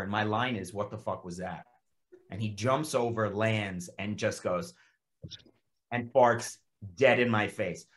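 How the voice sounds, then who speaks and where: A man with a middle-range voice tells an animated, profane anecdote at a cast reunion. He gets loud and acts out the lines as he goes. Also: mid-range voice. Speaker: actor on a cast reunion panel.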